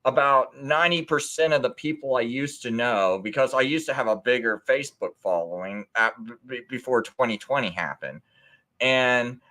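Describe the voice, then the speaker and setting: A man's voice: normal speed, pushed and bright. A man calling into an open mic show, arguing in a rambling, stammering way and acting out the people he quotes. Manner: rambling, stammering, repeats words; acts out quoted friends in a higher voice. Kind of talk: heated casual debate.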